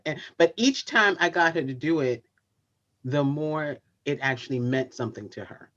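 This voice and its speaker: A woman hosting a casual video-call chat, telling a story with lively laughter and acted-out quotes. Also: very deep voice, normal speed, highs cut off. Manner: animated storyteller, laughs often, acts out quotes. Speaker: host.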